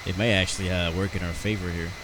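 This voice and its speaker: A man's voice: low-pitched, little pitch movement, fast, noisy background. An American man chatting casually and rambling through live commentary on his flight sim stream, talking to his viewers.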